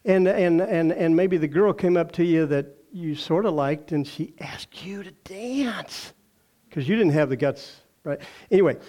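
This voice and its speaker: An older man with a Texan drawl delivers a folksy sermon. His voice sits high for a man, and he breaks into playful acted voices and chuckles as he tells the story. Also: normal speed, hardly any pauses, mellow. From Texas. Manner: folksy storytelling, acts out quoted voices, laughs often. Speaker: pastor.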